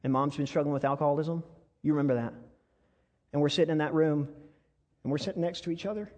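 A man preaching a sermon, telling stories with passion and sometimes dropping to a soft, intimate voice. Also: fairly high pitch, fairly even intonation, fast talker. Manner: impassioned storytelling that drops to soft, intimate tones. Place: church sanctuary. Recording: long reverb of a large church hall.

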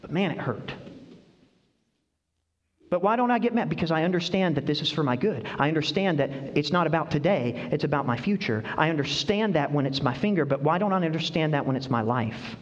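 Male pastor, middle-aged, story-driven sermon; slightly high voice, dull sound with long hall reverb. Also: quick pace, hardly any pauses. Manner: animated storytelling, acts out voices with high-pitched cries. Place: church hall.

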